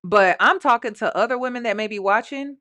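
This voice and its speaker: A woman hosts a reaction video and speaks straight to her viewers in a casual, conversational way. Her voice sits a little higher than average. Her remarks are blunt and skeptical. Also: brisk, pushed and bright.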